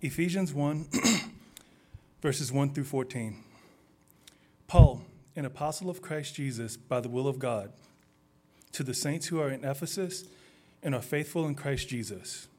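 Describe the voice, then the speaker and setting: A man reading a scripture passage aloud in a church service at a steady, measured pace. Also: mid-range voice. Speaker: scripture reader.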